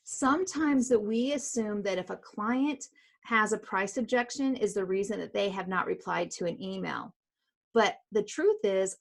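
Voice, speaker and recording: A middle-aged woman teaching as a business coach, speaking directly and emphatically and repeating her key points. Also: on the high side. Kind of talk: instructional coaching talk.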